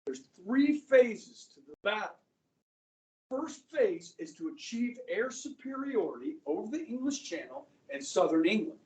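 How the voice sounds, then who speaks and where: A man teaching a history class, talking in a chatty, animated way and checking in with the students again and again. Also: high-pitched. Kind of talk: classroom lecture. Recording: echoey classroom, mic far off.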